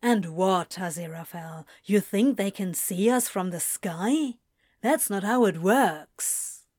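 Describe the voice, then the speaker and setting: A woman voicing a sardonic male demon who talks in flat, blunt mutters. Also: medium pitch, slow pace, dry recording, studio quality. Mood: dismissive.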